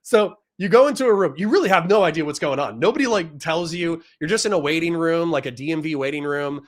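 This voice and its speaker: A man's voice: fairly high pitch, fast talker. A man, a Marine veteran, telling a rambling, profane story in casual chat and often breaking into laughter.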